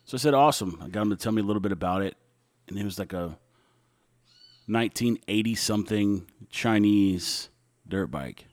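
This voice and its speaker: Low-voiced man telling blunt stories. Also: moderate pace, no room sound. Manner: blunt, ranting and wry. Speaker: podcast host. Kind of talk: casual storytelling monologue.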